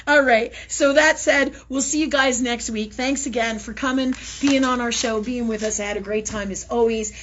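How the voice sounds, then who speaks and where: A woman's voice: fairly high pitch, moderate pace, hardly any pauses, muffled recording. A woman hosting a live spiritual talk show, telling a story casually with lots of swearing and laughter. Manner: profane, laughing storyteller, animated.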